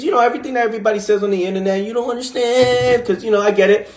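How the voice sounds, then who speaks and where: A man's voice: very high-pitched, steady tone, rapid-fire, echoey room. A man, giving a livestreamed motivational monologue in an emphatic, repetitive, slangy way. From the Bronx, New York. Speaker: motivational coach. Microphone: phone livestream.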